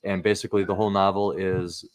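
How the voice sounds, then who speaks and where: A man's voice: low voice, level tone, fast talker, dry recording. A man, an author and podcast co-host, talking in casual chat with many restarts and fillers. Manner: rambling with frequent restarts and fillers.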